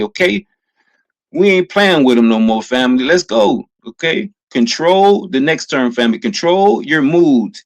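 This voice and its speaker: Emphatic man with a high voice. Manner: repetitive, emphatic, keeps addressing listeners as family; gets loud and emotional at times. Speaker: motivational vlogger. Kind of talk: motivational talk.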